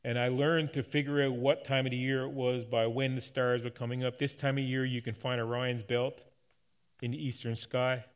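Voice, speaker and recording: A man's voice: mid-range voice, level tone, normal speed, smooth. Folksy middle-aged male pastor preaching. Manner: conversational, folksy storytelling with restarts. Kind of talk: sermon with personal stories.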